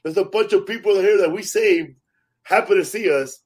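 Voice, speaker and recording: A stand-up comic with a high, slightly rough voice talks at a moderate pace, telling stories casually. He brings them to life by acting out quotes, and he curses freely along the way.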